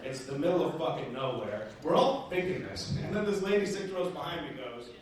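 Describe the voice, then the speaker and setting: A man telling a profane, animated stand-up story on a comedy club stage. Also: high voice, fast talker, hardly any pauses, far from the mic, background noise. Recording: echoey club room, audience laughter.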